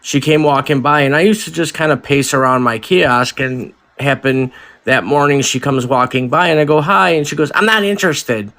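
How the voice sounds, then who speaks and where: A man on a video call telling a short true story, quick and self-amused. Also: mid-range voice, steady tone, fairly bright tone. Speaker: participant.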